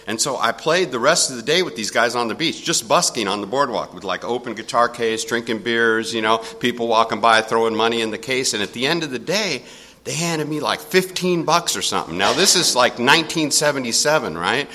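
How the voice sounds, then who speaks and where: An older man telling a personal story in a casual, animated way, chuckling often. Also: medium pitch, fairly quick, a little hiss or hum.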